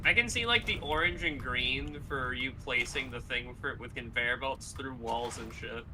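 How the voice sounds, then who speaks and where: Streaming a video game, a young man chats casually with a friend, giggling a lot, getting excited, and swearing freely. His mid-range voice moves at normal speed over a noisy background.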